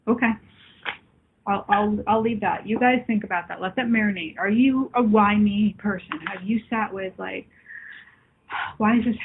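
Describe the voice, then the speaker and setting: Woman host of a live call-in show, affectionate, slightly husky, heard over a tinny line. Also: mid-range voice. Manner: warm, affectionate, calls people love. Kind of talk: live call-in talk with viewers. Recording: phone-like lo-fi line.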